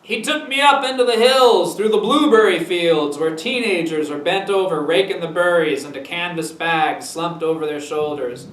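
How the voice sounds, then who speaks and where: A man's voice: fairly high pitch, moderate pace, few pauses, a bit bright, reverberant, distant mic, low-quality recording. A man with a Maine accent reading his humor book aloud in an easygoing, folksy way. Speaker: storyteller.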